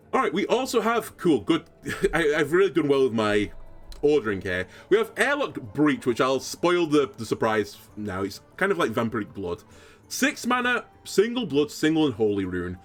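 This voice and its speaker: A man giving card review commentary as a content creator, animated and thinking aloud as he goes. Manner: animated, swooping pitch, thinks aloud with fillers.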